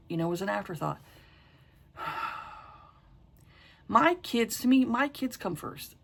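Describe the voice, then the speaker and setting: A middle-aged woman reviews books in casual chat, frank and exasperated, with a habit of swearing. Her voice is fairly low in pitch with vocal fry.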